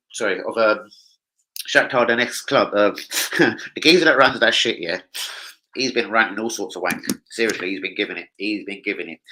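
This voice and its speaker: A man's voice: lowish voice, pushed and bright, low-quality recording. A man, hosting a football live stream in a brash, sweary, joking way. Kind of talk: casual live-stream chat.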